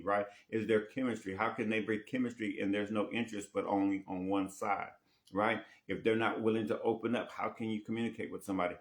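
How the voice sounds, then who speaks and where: A man coaching on dating in a casual teaching monologue, often repeating himself and tagging rhetorical questions with "right?". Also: lowish voice.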